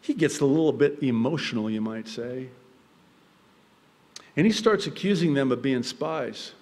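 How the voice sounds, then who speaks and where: A male pastor preaching a sermon, telling the story in a lively way and acting out the characters' quoted lines. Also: mid-range voice, unhurried. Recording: long reverb of a large hall.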